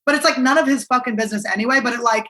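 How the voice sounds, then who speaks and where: Woman, 30s, comedian guest; frank and sweary, bright voice. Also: very fast. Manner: candid, swearing, drops low and quiet at the ends of thoughts. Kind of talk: casual chat.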